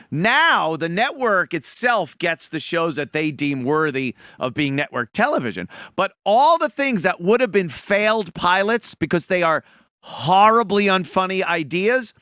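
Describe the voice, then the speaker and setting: A man's voice: fairly high pitch, bright, forceful tone, dry recording, studio quality. A talk show host, a man, mocking a trailer in a profane comedic rant and laughing often.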